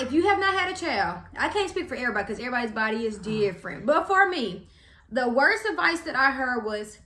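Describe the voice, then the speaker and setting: A young woman, telling a story to camera in a chatty, animated way, with slang and acted-out quotes. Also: sits high, moderate pace, echoey room. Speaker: vlogger.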